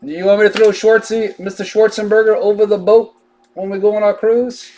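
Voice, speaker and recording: A man's voice: high voice, flat delivery, fairly quick, darkish tone. A man chatting casually while he opens trading cards on a live break, drawling and joking as he reads out each card.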